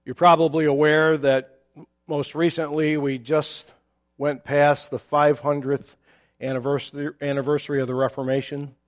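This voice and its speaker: A pastor preaching a sermon, explaining a Bible passage in a measured, teacherly way with occasional fillers. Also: male voice, on the high side, little pitch movement.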